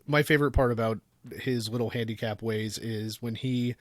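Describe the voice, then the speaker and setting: A man's voice: medium pitch, steady tone, normal speed, no room sound. A man co-hosting a podcast in casual chat, an easygoing storyteller who reads articles aloud. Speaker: podcast co-host.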